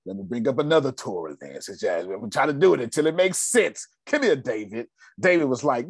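A raspy-voiced man, teaching personal finance in a lively, preachy motivational talk and calling on listeners by name. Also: a little fast, hardly any pauses, no room sound. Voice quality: raspy, deep. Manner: preachy, calls on audience members by name.

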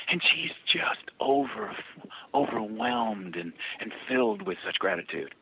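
A man's voice: mid-range voice, huge pitch swings, normal speed, creaky, bright, forceful tone, husky, poor audio. A male guest telling a story with energy, acting out the voices of the people in it before turning to an uplifting message. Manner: acts out quoted voices, builds to uplifting message. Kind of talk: animated storytelling.

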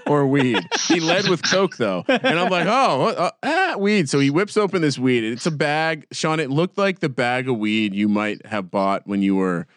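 A man's voice: mid-range voice, animated, moderate pace, hardly any pauses, fairly bright tone, clean tone, no echo. Male podcast co-host, loose storyteller, profane, restarts a lot, dry mic. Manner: rambling storyteller, swears, many restarts. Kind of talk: casual sports chat.

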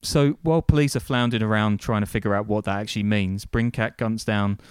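A man's voice: on the low side, fairly even intonation, fairly quick, clear, resonant tone, no echo. A man hosting a podcast, recounting events from notes in a casual, wry way with dry asides and frequent ums. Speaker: podcast host.

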